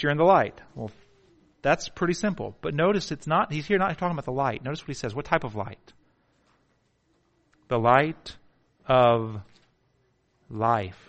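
Bright-voiced preacher with rhetorical questions. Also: male voice, medium pitch. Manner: rhetorical questions, swings from loud to hushed. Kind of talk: sermon.

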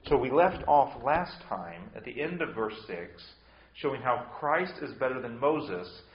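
A man preaching in a roomy, echoing sanctuary, his voice sitting at an ordinary middle pitch. He presses his points with repeated rhetorical questions, and the recording sounds muffled and lo-fi. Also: lively intonation, a little slow, slight background noise. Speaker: pastor. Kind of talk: expository sermon. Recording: echoey hall, dull lo-fi sound.

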